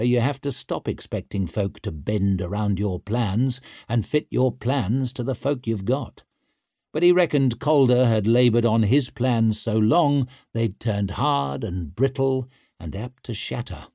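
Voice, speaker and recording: A man narrating an audiobook in a steady, measured storytelling voice. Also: mid-range voice, creaky, dry recording, studio quality.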